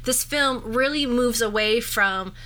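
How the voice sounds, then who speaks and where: Bright, higher-voiced woman analyzing films. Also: slow. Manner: thoughtful, analytical, frequent fillers. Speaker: podcast co-host. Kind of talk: casual film discussion.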